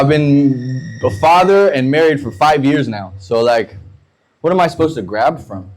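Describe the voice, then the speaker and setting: Performing comedy on stage, a thirtysomething American man spins profane, meandering tales and jumps into fast character voices. His pitch runs on the high side and his delivery is expressive, though the recording is of low quality.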